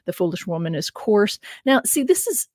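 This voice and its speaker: A woman scholar teaching on a casual livestream, thinking out loud and laughing often as she goes. Her voice sits at a middle pitch, and it is recorded close and dry with no room sound. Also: very animated, normal speed, dry recording. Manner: musing aloud, laughing often, stresses words. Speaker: biblical scholar hosting a livestream.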